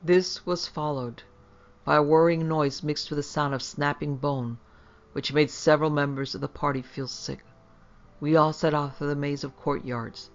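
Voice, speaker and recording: A man reading a horror story aloud in a measured, grave way. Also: fairly high pitch, steady tone, a little hiss or hum. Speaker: narrator. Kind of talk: scripted horror story narration. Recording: dull lo-fi.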